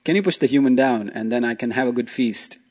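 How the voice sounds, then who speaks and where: A man's voice: mid-range voice, fast, a little mellow, slightly rough, big-room sound, natural voice. A man voicing a cunning, hungry male tiger in a told story, coaxing and pushy. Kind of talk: storytelling in a talk.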